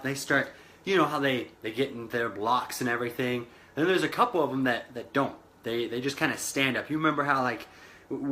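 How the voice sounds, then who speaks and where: A man coaching on network marketing, telling a long story in an animated way and acting out the voices he quotes. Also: fairly high pitch. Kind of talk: motivational vlog talk.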